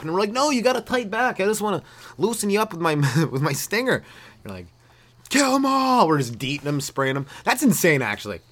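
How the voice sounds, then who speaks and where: Animated male comic riffing solo. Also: mid-range voice. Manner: animated, jumps into loud put-on voices for bits; frequent "right?" and "you know" asides, laughs at own jokes. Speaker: stand-up comedian hosting a podcast. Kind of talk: rambling solo comedy riff.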